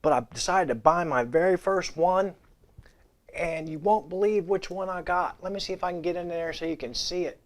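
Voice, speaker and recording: This guitar gear vlogger talks at a normal speed from his home studio, his voice pitched a touch high. He wanders through improvised, irreverent quips aimed directly at viewers.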